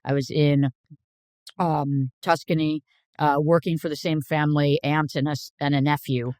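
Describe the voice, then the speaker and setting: Chatty woman in her fifties, smooth voice. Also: low voice, moderate pace, no echo, studio quality. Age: 50s. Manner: chatty, animated anecdotes with frequent "like" fillers; blunt, swears freely. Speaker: chef, interview guest. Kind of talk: casual interview storytelling.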